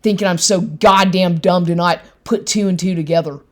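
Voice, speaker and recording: A woman's voice: lowish voice, steady tone, moderate pace, a little mellow. A woman venting angrily in a monologue, swearing heavily and restarting her sentences. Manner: heavy profanity, repeated restarts, indignant.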